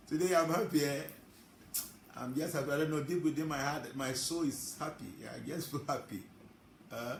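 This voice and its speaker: A man preaches in a voice pitched a little high. His delivery is emphatic and stretched out. The room is roomy and echoey, with faint background noise. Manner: emphatic, drawn-out phrasing, chuckles between points. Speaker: spiritual teacher. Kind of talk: sermon.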